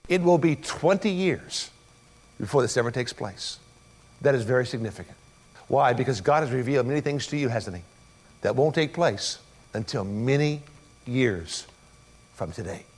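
A man's voice: medium pitch, animated, moderate pace, pauses often. A male pastor preaching an expository sermon, emphatic and asking rhetorical questions.

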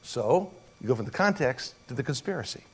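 A man preaching a sermon and retelling a story with lively, dramatic delivery. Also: mid-range voice, fairly quick, breathy edge. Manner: dramatic storytelling that acts out voices.

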